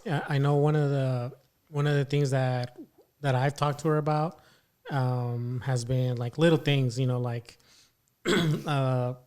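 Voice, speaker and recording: A man's voice: mid-range voice, fairly even intonation, measured pace, darkish tone, smooth. Sarcastic man hosting a podcast. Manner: sarcastic, joking. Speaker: podcast host. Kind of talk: casual conversation.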